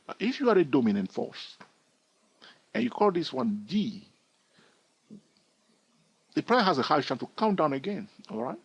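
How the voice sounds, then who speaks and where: Husky man teaching with lively pitch. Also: moderate pace, long pauses, no room sound, lo-fi sound. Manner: explanatory, keeps checking in with "all right?". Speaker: trading educator. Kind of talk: chart-walkthrough teaching.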